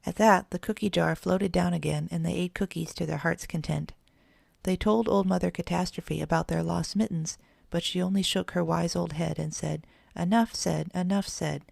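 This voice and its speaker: A woman narrating a children's storybook in a steady, gentle read-aloud manner. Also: fairly low pitch, moderate pace, vocal fry, no room sound, clean studio sound. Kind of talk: storybook reading.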